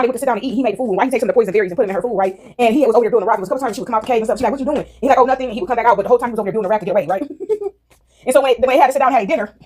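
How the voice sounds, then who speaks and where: A woman casually retelling a movie plot to her listeners, animated and laughing often. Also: fairly high pitch, slightly rough.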